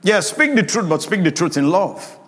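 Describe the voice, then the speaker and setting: Preacher, male, high voice, emphatic and drawn-out, ringing hall reverb. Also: big pitch swings, a bit bright. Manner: emphatic preaching with call-and-response to congregation. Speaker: pastor. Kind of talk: sermon.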